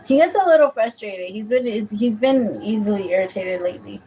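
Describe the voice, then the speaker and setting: A woman's voice: mid-range voice, animated, a little fast, warm tone, slight background noise, rough recording. A woman giving a casual, rambling tarot reading, chatting freely and calling the listener "my love". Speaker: tarot reader.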